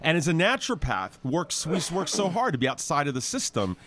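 A man who hosts a talk show and works as a naturopath, chatting casually in an animated, rambling way with many restarts. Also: a little high, brisk, a little hiss or hum.

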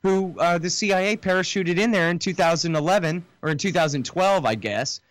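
A man joining a talk radio show as a guest, explaining political events in a measured, hedging way. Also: high voice, no echo. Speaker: guest commentator. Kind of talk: conversational political analysis.

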